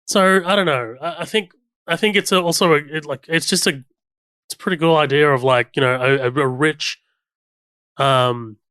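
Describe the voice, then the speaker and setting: A man's voice: mid-range voice, fairly bright tone, clear, resonant tone, no room sound, clean studio sound. A man co-hosting a film podcast, rambling casually with many "like"s and restarts. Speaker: podcast co-host. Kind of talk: casual chat.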